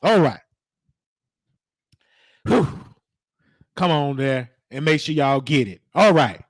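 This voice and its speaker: A man's voice: a little high, animated, slow, no echo. A man delivering a comedic mock sermon in a preachy, scolding church cadence. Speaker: host.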